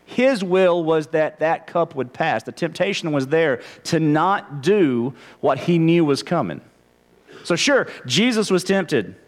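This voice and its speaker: A male pastor preaching a conversational sermon, often stammering and restarting his phrases. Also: on the high side. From Texas, United States.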